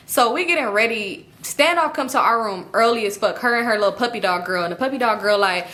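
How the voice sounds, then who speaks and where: Bright-voiced young woman telling a story. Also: a little high, fast, hardly any pauses. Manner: animated, laughing, acts out friends' lines. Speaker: storytime YouTuber. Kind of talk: casual storytelling.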